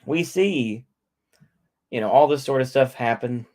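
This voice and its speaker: A man's voice: mid-range voice, a little slow, darkish tone. A middle-aged man from North Texas, hosting a casual livestream and ranting in a rambling, profane way that keeps circling back to the same points. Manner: profane, rambling, repeats himself. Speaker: livestream host.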